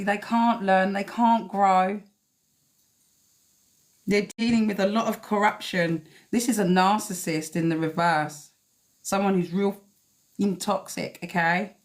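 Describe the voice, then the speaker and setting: A woman giving a blunt, emphatic live tarot reading, swearing freely as she talks to viewers. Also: medium pitch. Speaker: tarot reader.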